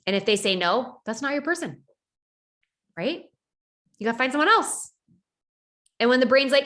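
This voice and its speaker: A woman coaching her team in a lively motivational talk, dropping in lots of "like" and "right?". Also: sits high, normal speed, long pauses. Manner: animated, acts out quoted voices, frequent "like" and "right?". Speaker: network marketing team leader.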